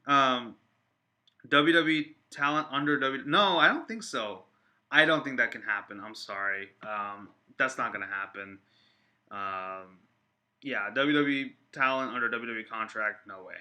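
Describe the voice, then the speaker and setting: Man, casual chat, rambling with fillers, very bright sharp tone, middle pitch. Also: measured pace. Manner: rambling, many fillers and restarts, excitable. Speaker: wrestling vlogger reacting to viewer comments. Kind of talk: casual live-stream chat.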